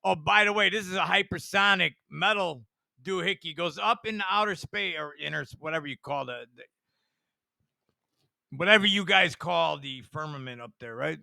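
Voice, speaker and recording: A man's voice: a little high, normal speed, gravelly, bright, forceful tone, no echo. A man giving rambling, profane commentary with a conspiratorial edge, full of asides and chuckles. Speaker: online commentator.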